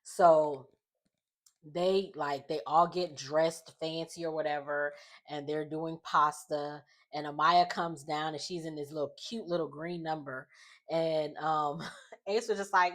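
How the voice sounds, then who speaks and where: Low-voiced woman chatting through a TV recap. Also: fairly even intonation, unhurried. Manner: rambling, laughs often, many fillers. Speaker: reality-show recap vlogger. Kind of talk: casual chat recap.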